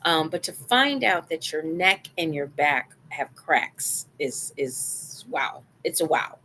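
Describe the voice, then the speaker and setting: A woman's voice: low-pitched, sing-song, slow, sharp tone, a little hiss or hum. A middle-aged woman hosting a live-stream talk show, chatting casually and repeating phrases for emphasis.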